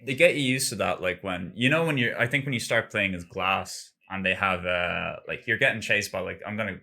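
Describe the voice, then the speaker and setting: A man with a low, creaky, sharp-toned voice talks briskly in casual chat on a gaming podcast. He rambles and fills his talk with "like".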